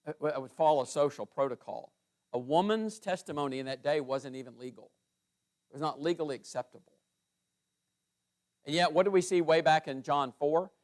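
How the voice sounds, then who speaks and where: A middle-aged man teaching through a Bible passage verse by verse, reading scripture aloud with rising emphasis. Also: on the high side.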